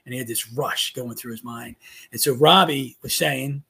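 A middle-aged man, a father and co-host, telling a personal story in a casual, earnest, animated way, acting out quotes. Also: medium pitch, moderate pace, gravelly, husky.

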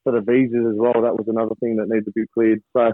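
An Australian man, a rugby league player, chatting as a guest over a call, halting with many restarts. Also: on the low side, flat delivery, dry recording. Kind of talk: casual interview over a call. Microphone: phone or video call from abroad. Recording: thin phone line, dry.

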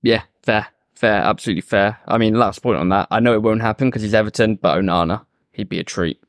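Smooth-voiced man hosting a football podcast. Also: on the low side, steady tone, quick pace, dry recording, clean studio sound. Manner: laid-back, swears casually. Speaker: podcast host. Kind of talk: casual football chat.

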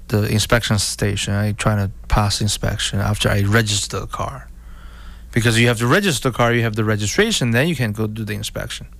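Gravelly car dealer talking to viewers. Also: male voice, fairly low pitch, a bit bright. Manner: rambling, repeats and restarts, acts out quotes. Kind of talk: casual talk to viewers.

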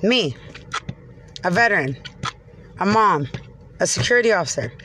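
A woman's voice: lowish voice, animated, normal speed, pushed and bright, slight background noise. A woman from Texas, ranting from inside her car in an agitated, profane, rambling way. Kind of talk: angry rambling rant.

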